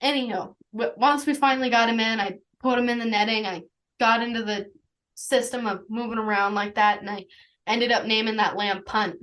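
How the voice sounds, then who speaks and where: A woman's voice: on the high side, steady tone, brisk, fairly bright tone, rough recording. A teenage girl telling a story casually as a guest, rambling and full of fillers like "like" and "anywho.". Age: teens. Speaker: young shepherd guest.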